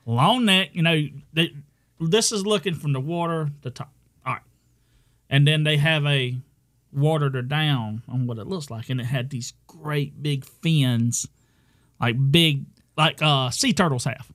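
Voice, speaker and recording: An older man co-hosting a podcast, telling a story in a rambling, halting way and laughing often. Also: on the high side, a bit bright, no room sound, studio quality. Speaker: podcast co-host. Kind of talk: casual chat.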